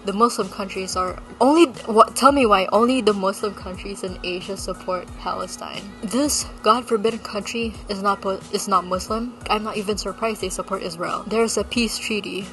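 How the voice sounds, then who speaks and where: A woman's voice: medium pitch, moderate pace, few pauses, a bit bright, faint music behind, low-quality recording. A woman with an American accent, a touch of Malaysian in it, talking in a blunt, sarcastic, ranting vlog style and swearing freely. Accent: American with a slight Malaysian tinge. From Philippines. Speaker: vlogger. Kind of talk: casual talking-head vlog.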